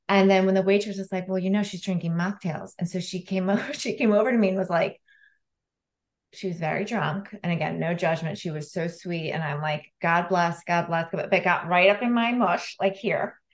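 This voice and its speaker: A woman co-hosting a podcast as a health coach, chatting casually and telling stories with lively acted-out bits. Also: medium pitch. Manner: lively storyteller, acts out voices in anecdotes.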